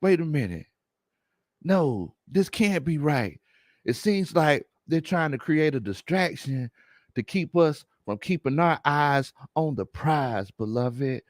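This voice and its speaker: A man's voice: a little high, animated, slow, no room sound, studio quality. A man voicing his preachy, conspiracy-minded cousin, who drags out each sermonizing phrase and keeps saying "beloved.".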